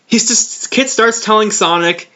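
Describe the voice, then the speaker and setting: A young man giving casual, exasperated commentary on a comic series, sarcastic and quick to laugh. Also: high-pitched, sharp tone. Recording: dull lo-fi recording.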